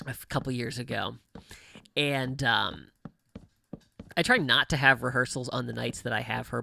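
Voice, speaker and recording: A man's voice: mid-range voice, gravelly, sharp tone, no room sound. A middle-aged man chatting on a livestream, telling stories with laughs and many restarts. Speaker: streamer. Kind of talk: casual livestream chat.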